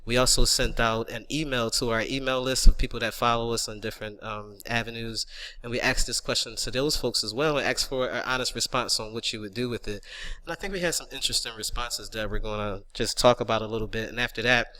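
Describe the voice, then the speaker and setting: A man's voice: medium pitch, steady tone, fast, pushed and bright. A man co-hosting a podcast in a loose, casual way, with many fillers and restarts. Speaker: podcast co-host.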